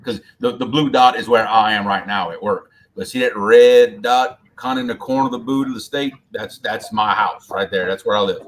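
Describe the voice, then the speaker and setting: A man's voice: on the low side, normal speed, few pauses. A man from Louisiana with a Southern Louisiana accent, chatting casually on a fishing live stream, repeating words as he goes. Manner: drawling, repeats words as he talks. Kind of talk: casual chat. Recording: faint outdoor background noise.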